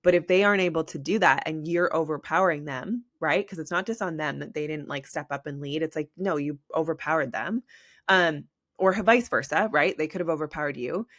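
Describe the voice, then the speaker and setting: A woman's voice: low-pitched, a little fast, a bit bright, no echo, studio quality. A woman hosting a solo podcast, talking in a rambling, conversational way, filling gaps with "like" and giving encouragement. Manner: rambling, conversational, heavy use of "like"; encouraging, motivational. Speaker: podcast host, business coach. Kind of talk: casual solo podcast monologue.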